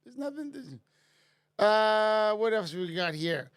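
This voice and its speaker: A man's voice: high-pitched, expressive, slow, clean tone. A man casually answering chat questions on a live stream, rambling with many restarts and fillers. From Canada.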